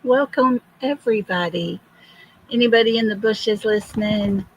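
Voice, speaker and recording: An older woman, hoarse from illness, greeting viewers one by one in a slow, casual livestream chat. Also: medium pitch, dry recording, rough recording. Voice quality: gravelly, husky. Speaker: livestream host.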